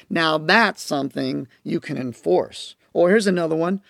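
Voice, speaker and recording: A man's voice: fairly high pitch, fairly quick, gravelly, hardly any pauses, no echo, studio quality. A man teaching parents as a coach, talking emphatically and repeating his key phrases. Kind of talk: instructional talk to parents.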